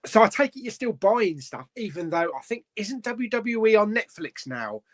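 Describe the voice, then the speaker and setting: A man's voice: high voice, big pitch swings, normal speed. A middle-aged man hosting a casual live stream, chatting about films and reading out viewer comments, rambling with fillers and chuckling often.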